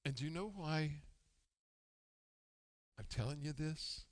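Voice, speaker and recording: A man preaching a sermon as pastor, acting out grumbling churchgoers in an animated way. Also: fairly high pitch, slow. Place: church sanctuary. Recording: long church hall reverb.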